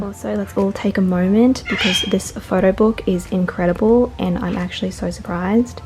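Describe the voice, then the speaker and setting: A young woman vlogging at home, gushing excitedly through an unboxing with lots of exclamations. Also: medium pitch, moderate pace, few pauses. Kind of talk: casual unboxing vlog. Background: soft background music.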